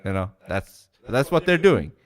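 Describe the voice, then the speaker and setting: A man on a podcast panel, talking in halting, agreeing remarks with restarts. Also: mid-range voice, very animated. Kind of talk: casual chat.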